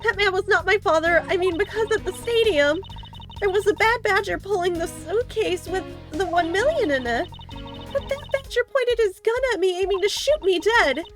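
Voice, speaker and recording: Woman putting on a high frightened young woman. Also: animated, normal speed, soft background music. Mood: distraught.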